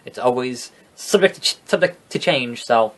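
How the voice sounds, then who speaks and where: A man's voice: mid-range voice, animated, normal speed. A young man casually commentating his wrestling video game playthrough, rambling, sarcastic and swearing at the characters. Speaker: gaming video host. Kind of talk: casual let's-play commentary.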